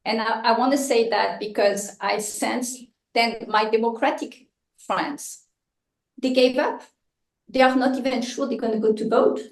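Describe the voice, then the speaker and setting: This female candidate for local office has a fairly high-pitched voice, keeps her tone steady and talks a little slowly. Her campaign speech at the meeting is passionate, funny and direct, recorded in a room with noticeable echo.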